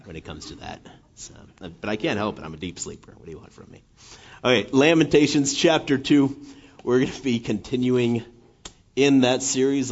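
A man giving a casual, chatty sermon to a congregation, self-deprecating, with lots of restarts and quick "right?" tags. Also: sits low. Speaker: preacher. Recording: dull lo-fi sound.

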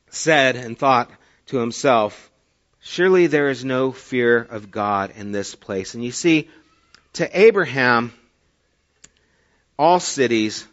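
Emphatic male pastor, bright voice. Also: dull audio. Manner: storytelling, swings from loud emphatic to quiet and low. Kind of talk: sermon.

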